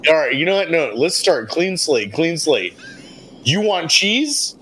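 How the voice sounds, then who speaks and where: A man's voice: a little high, sing-song, measured pace, a crowd in the background, low-quality recording. A man playing a tabletop role-playing game, talking in a stammering, rambling, apologetic way. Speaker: player. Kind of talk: casual tabletop role-play.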